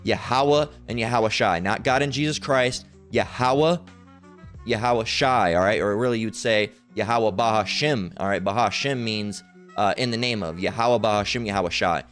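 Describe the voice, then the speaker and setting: A man's voice: on the low side, moderate pace, fairly bright tone, soft background music. A man giving an informal Bible teaching, hesitant and full of fillers, who keeps checking in with "all right?". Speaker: religious teacher. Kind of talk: informal Bible teaching over screen share.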